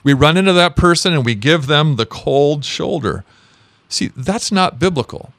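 A man pastor preaching a sermon, asking the congregation questions and moving between quick and slow, emphatic phrasing. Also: fairly high pitch, animated, a bit bright, dry recording.

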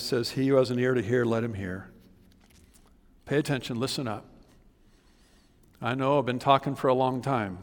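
A man preaching a sermon as pastor, impassioned, swinging from loud pleading to hushed, earnest appeals. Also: on the high side. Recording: long hall reverb.

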